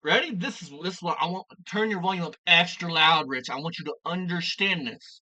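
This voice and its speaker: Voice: mid-range voice, brisk, bright, forceful tone, far from the mic. A vlogger delivering an angry, profane commentary rant, hurling insults and repeating lines for emphasis.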